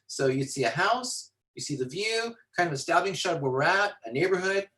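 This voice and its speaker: A man teaching storytelling to visual artists, animated and rambling with many fillers and restarts, talking into a computer on a video call. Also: a little high, fairly quick, low-quality recording. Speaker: storytelling instructor. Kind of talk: lecture with acted-out anecdote.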